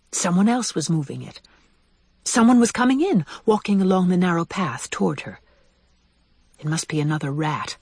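Expressive storybook reader, breathy voice, pitch moves around a lot. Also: no echo. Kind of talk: storybook narration.

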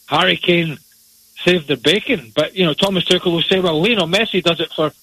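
A man's voice: fairly high pitch, a little fast, a bit bright, breathy edge, dry recording, poor audio. A man giving blunt, opinionated soccer analysis on sports radio.

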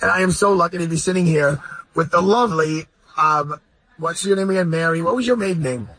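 Effusive radio host, husky voice. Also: male voice, fairly high pitch, a little fast, fairly bright tone, dry recording, poor audio. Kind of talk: emotional radio interview. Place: high-floor room, then a golf course.

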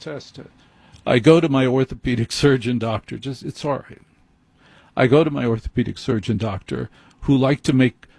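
Late-night radio host, male, husky and dry, wry self-deprecating talker. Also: medium pitch, darkish tone, dry recording. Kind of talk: conversational storytelling monologue. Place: radio studio.

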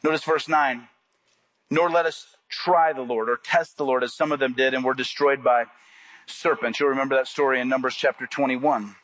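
Earnest male pastor preaching. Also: no echo. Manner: earnest preaching, drops low and soft on scripture, rises when acting out quotes. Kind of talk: sermon.

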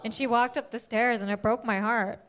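A young woman performing a stand-up comedy set, telling an animated story and acting out her parents. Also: a little high, a little fast.

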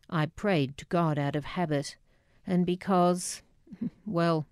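A woman narrating her memoir in a reflective, measured, wry way, close on a studio mic. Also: lowish voice, darkish tone, smooth, no room sound.

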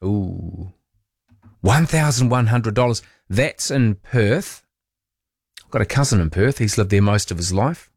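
Medium in pitch and a little mellow, this male talkback host speaks at a moderate pace on a dry recording. Working the late-night shift, he keeps the chat casual and wry, peppering listeners with questions while sitting close to a studio mic in a dead studio.

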